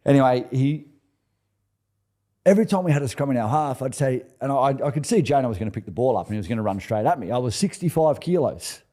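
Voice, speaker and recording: A man in his forties with an Australian accent, a former rugby player telling stories in a relaxed podcast interview, often restarting and chuckling. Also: mid-range voice, fast. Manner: laid-back, chuckling anecdotes with many restarts. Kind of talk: casual storytelling interview.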